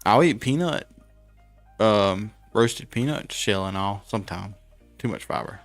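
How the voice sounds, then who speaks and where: A man's voice: fairly low pitch, unhurried, no echo, faint music behind. A man, rambling and laughing through a casual late-night stream chat and swearing now and then. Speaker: stream host.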